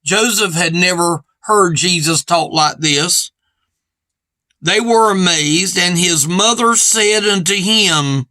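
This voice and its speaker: Slow, bright-voiced man preaching a sermon. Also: high voice, no echo. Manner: earnest and repetitive, stressing points with "see"; plain everyday grammar.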